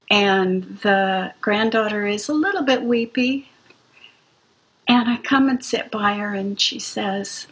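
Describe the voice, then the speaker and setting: A woman recounting a hospice experience in an interview, gently and reflectively. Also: medium pitch, breathy edge, rough recording. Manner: gentle, slow, reflective storytelling. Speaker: music practitioner playing for hospice patients. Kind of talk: interview storytelling.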